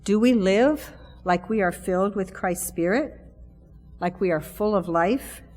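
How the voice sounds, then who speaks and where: A middle-aged woman preaches from the pulpit in an easy, conversational way, joking at her own expense. Her voice sits at a middle pitch. The church's long reverb trails behind each phrase. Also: a little slow. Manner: warm self-deprecating humor, conversational. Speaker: lay preacher. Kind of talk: sermon. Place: church sanctuary.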